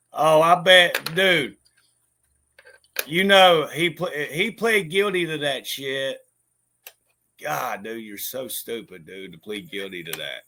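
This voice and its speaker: A man's voice: on the high side, animated, slow pace, pushed and bright. A man vlogging in casual chat, rambling, swearing freely and laughing often. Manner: profane, laughs a lot, rambling.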